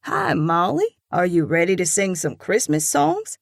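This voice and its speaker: A woman voicing a kind, devout older mother who speaks in an earnest, gently encouraging way. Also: on the low side, wildly swooping pitch, unhurried, creaky, dry recording, studio quality, full character voice. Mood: cheerful.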